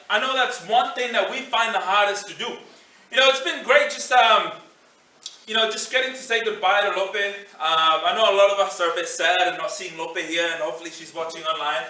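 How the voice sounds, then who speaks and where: A man's voice: high-pitched, sharp tone. A male pastor preaching a sermon in a conversational way, often saying "you know" as he tells a story to his church. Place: church hall. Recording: roomy sound from a distance.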